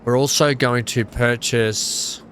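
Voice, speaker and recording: A man's voice: mid-range voice, takes it slowly. Chatty Australian man narrating a game. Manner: chatty, self-mocking, talks to himself and his chat. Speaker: gaming video host. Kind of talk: casual let's-play commentary. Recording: steady game vehicle and engine noise behind.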